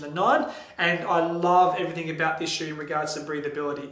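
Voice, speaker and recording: A man's voice: on the high side, fairly bright tone. A man with an Australian accent giving a candid, friendly running shoe review to camera, with frequent ums and restarts. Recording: echoey room.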